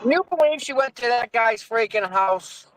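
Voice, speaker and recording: A man co-hosting a casual live stream, with short interjections and a slow drawl. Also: very high voice, lively intonation, over a noisy crowd, low-quality recording. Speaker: co-host.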